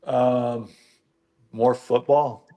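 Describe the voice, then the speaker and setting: A man's voice: mid-range voice, fairly even intonation, extremely slow, dark tone. A middle-aged man, a former football lineman turned coach, telling stories as a guest in a casual interview, chatty and full of fillers. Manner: storytelling, chatty with many fillers.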